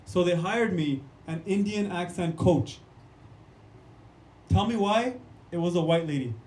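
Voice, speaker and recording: A man's voice: high voice, unhurried, a little mellow, a little hiss or hum. A young man, doing a punchy stand-up comedy set on a club stage and talking straight to the crowd. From Canada. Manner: punchy, keeps calling the crowd "guys" and "man". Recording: echoey room.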